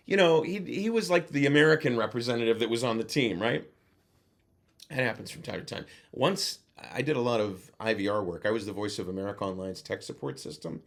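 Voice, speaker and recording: A man, a guest actor and voice-over coach, telling lively anecdotes in a casual interview over a video call. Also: on the low side, quick pace. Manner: animated anecdote teller who acts out other voices.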